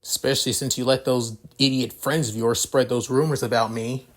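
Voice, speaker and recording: Man voicing a sharp-tongued teen boy, sarcastic, cursing, irritable, fan storybook reading, rising a touch high when riled. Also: fairly even intonation, normal speed, faint music behind, close to an everyday voice. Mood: irritated. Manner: curses constantly, sarcastic.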